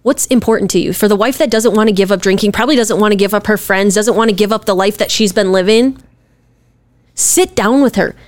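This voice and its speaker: A wife chats on the podcast she hosts with her husband, her medium-pitched voice moving a little fast. She talks in an earnest, emphatic, conversational way, and there's no echo.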